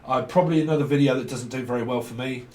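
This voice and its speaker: A tarot reader from near London talks rapid-fire in a dark, mid-range voice, drifting from thought to thought with swearing and chuckles. The recording is roomy, with the mic placed at a distance.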